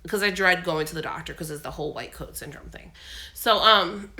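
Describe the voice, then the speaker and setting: A woman with a cold vlogs casually from home, her voice coming and going as she tells a long, rambling story packed with fillers. Her voice sits on the low side, creaky yet pushed and bright, at a measured pace.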